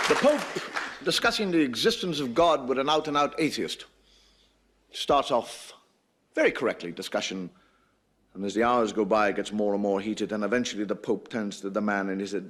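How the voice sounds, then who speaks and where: A middle-aged Irish man telling jokes on stage in a wry, deadpan storytelling manner, acting out the voices in his stories. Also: lowish voice, a little fast, some chatter behind. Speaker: stand-up comedian. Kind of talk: storytelling stand-up. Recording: faint noise, archive TV recording.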